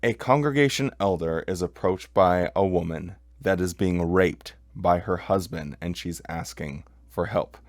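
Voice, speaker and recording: Man, low voice, dry close sound, reads quotes then argues with heated emphasis. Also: measured pace, hardly any pauses, no room sound. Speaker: podcast host. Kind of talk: commentary on religious texts.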